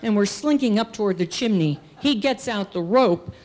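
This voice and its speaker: Animated woman telling a story on stage. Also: medium pitch, moderate pace. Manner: animated, acts out characters' shouts. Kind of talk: live storytelling performance. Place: stage at a live storytelling show.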